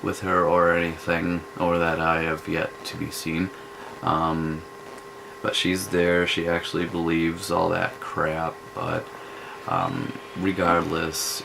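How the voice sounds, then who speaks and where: A man's voice: low-pitched, creaky, noisy background. A man giving rambling, scornful spoken commentary in a vlog. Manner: scornful, rambling, slow drawl with restarts. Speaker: vlogger.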